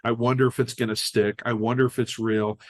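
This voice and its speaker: A man's voice: mid-range voice, brisk. An older American man, a podcast guest, telling personal stories in casual conversation and acting out the dialogue. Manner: animated storyteller acting out dialogue.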